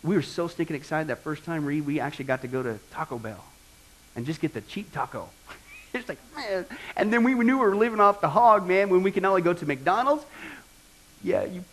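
High-voiced pastor man, chatty sermon. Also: fairly quick, low-quality recording. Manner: storytelling with rhetorical questions, animated. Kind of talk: conversational sermon.

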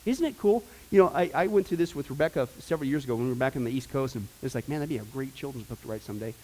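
A man teaching a Bible class in a casual, rambling way, with joking asides and bursts of loud preaching. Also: mid-range voice, lively intonation, rapid-fire, rough recording.

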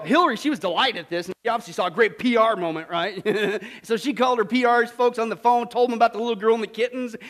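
Man, pastor, very high-pitched, animated sermon, loud then hushed. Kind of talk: sermon with jokes.

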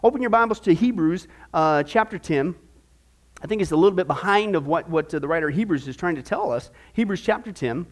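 A man's voice: fairly high pitch, expressive, brisk. A man teaching a church discipleship class on stewardship, reading scripture and teasing the class with jokes and mock voices. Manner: jokey, teasing asides, mock voices for the proud.

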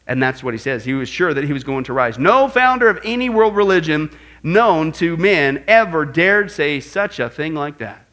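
A man teaching a sermon-style apologetics lesson as pastor, emphatic and animated, often asking his listeners questions. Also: fairly high pitch, normal speed. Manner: emphatic, animated, asks audience rhetorical questions.

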